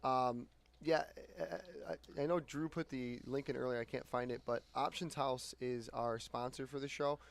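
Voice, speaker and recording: A man's voice: mid-range voice, steady tone, normal speed, gravelly. A man hosting a morning market talk show, thanking a guest and reading out sponsor notes in a loose, filler-heavy way. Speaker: show host. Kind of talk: casual chat.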